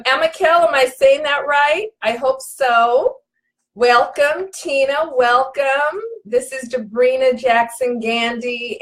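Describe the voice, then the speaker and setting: A woman's voice: high-pitched, a bit bright. A woman hosting a live online broadcast, effusive and welcoming, greeting viewers by name and repeating her words. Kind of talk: live-stream talk to viewers.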